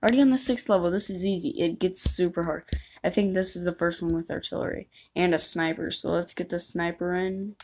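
A woman's voice: lowish voice, fairly even intonation, brisk, a little mellow, slight background noise. A woman chatting and rambling as she plays a game, giving commentary and poking fun at herself. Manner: chatty, rambling, self-mocking. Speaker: gamer. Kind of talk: gameplay commentary.

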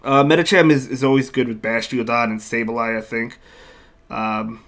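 A man's voice: mid-range voice, fairly even intonation, moderate pace, fairly bright tone. Chatty male game streamer. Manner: chatty, reads chat aloud, thanks viewers, repeats himself. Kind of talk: live-stream commentary while playing.

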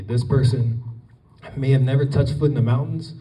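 Dark-voiced man rambling at a podium. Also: medium pitch, fairly even intonation, moderate pace. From Colorado. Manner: rambling, many fillers and restarts. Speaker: guest speaker. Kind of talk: casual public talk. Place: event hall with an audience. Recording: distant, roomy event recording.

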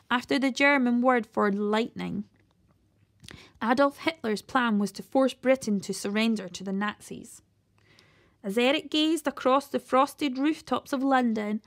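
A woman reading a children's novel aloud, steady, with the odd slip and restart. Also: on the high side. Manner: steady read-aloud with occasional slips and restarts. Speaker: storyteller reading a children's book.

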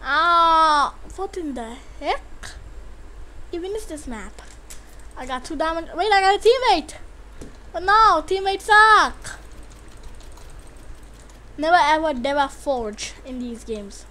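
Very high-pitched excitable woman gamer. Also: takes it slowly, long pauses. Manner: excitable trash-talk, yelling at opponents. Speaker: gamer commentator. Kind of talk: live gameplay commentary.

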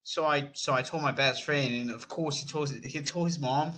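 A man speaks up in an online class with a casual anecdote, padding his sentences with loose fillers. His voice is mid-pitched and sharply bright, coming through a video call. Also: normal speed, a little hiss or hum. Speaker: student.

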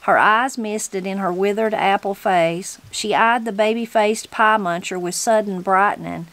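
A woman's voice: mid-range voice, steady tone, a little slow, hardly any pauses, a bit bright, no room sound. A woman, reading a novel aloud as host of her channel. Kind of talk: storybook reading.

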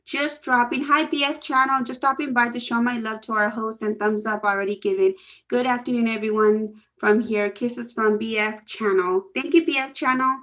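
A young woman with a slightly high voice hosts a casual live stream. She chats excitably, reading viewers' comments aloud and answering them as she goes. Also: normal speed. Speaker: livestream host.

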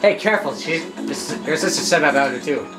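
A woman with a notably low voice chats casually as she plays through a video game. She stumbles and restarts her words often, and game music runs underneath. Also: lively intonation, fairly quick, reverberant. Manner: chatty, stumbling over her words, reading game lines aloud. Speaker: gameplay commentator. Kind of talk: casual let's-play commentary.

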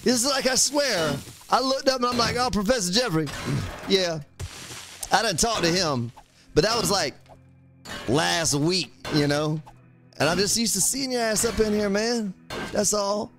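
A man's voice: sits high, lively intonation, measured pace, pauses often, music in the background. A man streaming a game, joking around and teasing his chat viewers by name as he plays. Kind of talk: casual gameplay livestream commentary.

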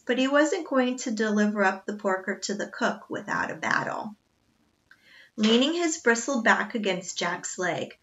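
A woman reads a children's novel aloud with expressive storytelling. Her voice is bright and clear, and it sits at a middle pitch. The recording is somewhat dull and lo-fi. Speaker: reader.

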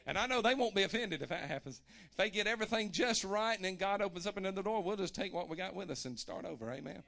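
High, bright-voiced preaching man. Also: expressive, quick pace, vocal fry. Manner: preaches with rising fervor, shouting at climaxes; folksy and humorous, acts out people he quotes. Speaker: pastor. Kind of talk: sermon. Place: church sanctuary.

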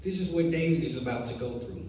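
Young preacher in an echoey church hall. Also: male voice, medium pitch, quick pace. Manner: animated storyteller, building to emphatic preaching. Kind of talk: sermon with storytelling. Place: church sanctuary. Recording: echoey hall, distant mic, faint noise.

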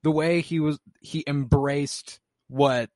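A man's voice: fairly high pitch, steady tone, slow pace, a little mellow, dry recording, clean studio sound. A man co-hosting a film podcast, talking casually and animatedly, swearing and restarting often. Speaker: podcast co-host.

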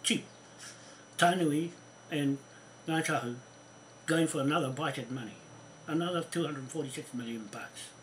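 A man's voice: a little high, normal speed, pauses often, slight background noise, low-quality recording. A man delivering an angry, swearing rant to camera, repeating himself as he fumes. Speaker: vlogger. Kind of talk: angry ranting monologue.

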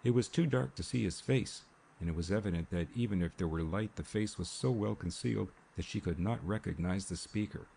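Brief: male audiobook narrator, gravelly low voice, measured delivery. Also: mellow, slight background noise. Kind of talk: scripted narration. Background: rain sounds.

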